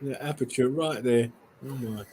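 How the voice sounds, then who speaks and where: A man's voice: mid-range voice, moderate pace, warm tone, a little hiss or hum, poor audio. Profane rambling English man, restarting often. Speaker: guest showing buildings on a live stream. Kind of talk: casual livestream chat.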